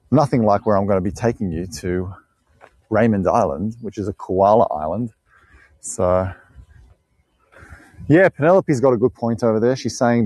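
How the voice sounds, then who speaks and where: Chatty Australian man, very lively pitch. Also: moderate pace, pauses often, slightly rough, no echo. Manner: chatty and rambling, laughs often, jokes around. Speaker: live-stream tour guide. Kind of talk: live-streamed walking tour, chatting with viewers. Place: outdoors on a bush walk.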